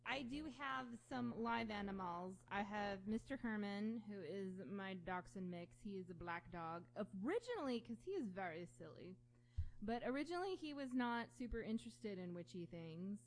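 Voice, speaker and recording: Woman co-hosting a chatty podcast, animated, acts out voices, slight background hum. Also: medium pitch, normal speed. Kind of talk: casual chat.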